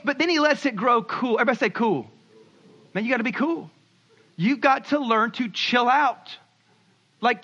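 Guy preaching a sermon, high bright voice, chatty and animated, kinda muffled lo-fi sound. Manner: animated, conversational preaching with acted asides. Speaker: pastor.

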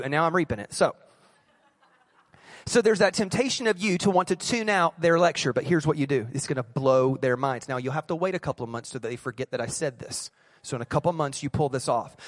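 A male pastor preaching to his church in a fairly high voice. He talks to the congregation directly and keeps throwing them questions. The sound is close and dry, with hardly any room echo. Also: fairly bright tone. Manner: conversational preaching, quizzes the congregation and acts out quick asides. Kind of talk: sermon.

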